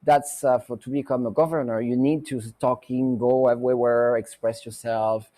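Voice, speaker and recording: Man, psychic host, rambling tarot talk, mellow tone, lots of fillers. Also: mid-range voice, fairly even intonation, moderate pace. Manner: rambling, many fillers and restarts. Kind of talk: casual tarot reading talk. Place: Mexico.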